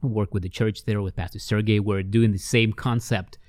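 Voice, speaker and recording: A man telling ministry stories in an interview, with lively storytelling that acts out the voices of the people he met. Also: fairly quick, no room sound, studio quality. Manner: animated, acts out quoted voices with big pitch jumps. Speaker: ministry worker.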